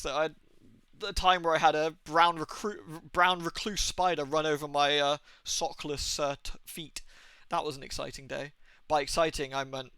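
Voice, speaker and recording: English male streamer, casual rambling tales, crisp tense tone, dry close sound. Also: fairly high pitch, dry recording. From England. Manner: rambling, sweary, animated storytelling. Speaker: game streamer. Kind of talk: casual storytelling chat.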